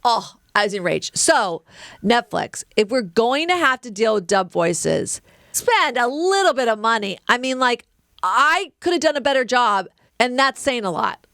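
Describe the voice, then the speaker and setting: A woman co-hosting a podcast, telling a story in casual chat, animated, emphatic and profane. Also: on the high side, unhurried, gravelly, no echo, studio quality. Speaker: podcast co-host.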